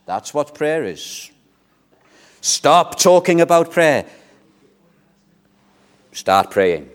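Impassioned preacher, lively pitch. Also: male voice, extremely slow, long pauses. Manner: earnest, pleading preaching that swings between loud and soft. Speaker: pastor. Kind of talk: sermon. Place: church.

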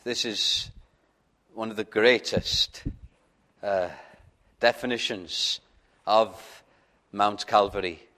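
Slow earnest preacher, man. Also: lowish voice, steady tone, sharp tone. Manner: earnest, pleading questions to listeners, rises to fervent climaxes; stammers on openings. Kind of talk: evangelical sermon.

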